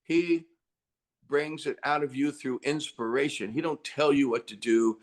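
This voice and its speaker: An older man, a rock singer, chatting as an interview guest and telling stories with lively acted-out quotes. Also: medium pitch, unhurried. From United States. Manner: animated storyteller, acts out quotes loudly. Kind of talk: casual interview chat.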